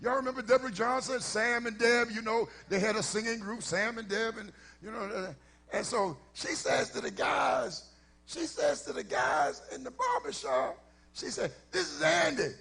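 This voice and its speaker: A man preaching to his church congregation, his voice gravelly and a touch husky. He swings widely in pitch, drifting from low, relaxed storytelling into high, shouted peaks of preaching. A middle-aged pastor with a lively, animated delivery. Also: normal speed. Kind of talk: storytelling sermon. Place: church sanctuary before a congregation.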